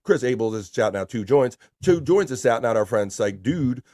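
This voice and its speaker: A man hosting a casual livestream, reading viewer comments aloud and shouting out chatters by name in a loose, profane way. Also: mid-range voice, expressive, fairly quick, no room sound, clean studio sound. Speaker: livestream host.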